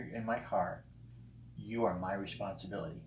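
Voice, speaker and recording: Man, low voice, blunt and profane, casual monologue, echoey room with faint noise. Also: a little slow, a bit bright. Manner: blunt and profane, with frequent ums and restarts. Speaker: vlogger responding to a friend's video. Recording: roomy echo with faint background noise.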